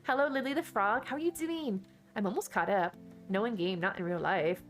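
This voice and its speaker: A woman's voice: medium pitch, fairly quick, faint music behind. Chatty woman streamer reading chat. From Texas. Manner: chatty, reads and answers chat between game moves. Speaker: game streamer. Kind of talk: casual live-stream chat.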